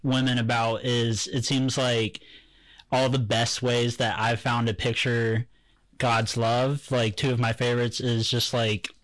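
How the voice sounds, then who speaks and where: A man's voice: medium pitch, little pitch movement, a little slow, fairly bright tone, no echo, poor audio. Wry man, dry close sound. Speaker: podcast co-host. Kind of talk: casual faith discussion.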